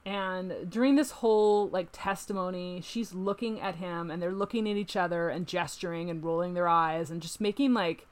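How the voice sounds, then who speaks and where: A woman with a slightly low voice hosts a casual true crime chat. She is animated and reads letters and texts aloud with emphasis. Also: normal speed, hardly any pauses. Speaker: podcast host.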